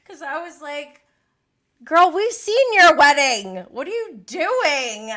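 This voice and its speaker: Slow, bright-voiced chatty woman. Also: mid-range voice. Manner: chatty and gossipy, laughs often. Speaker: host of a reality TV recap livestream. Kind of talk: casual recap commentary.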